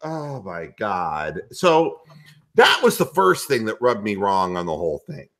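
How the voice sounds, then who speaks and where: A man hosting a sports talk show, ranting loudly and profanely with a comedic bent. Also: lowish voice, a little slow. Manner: loud, profane, animated ranting. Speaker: podcast host.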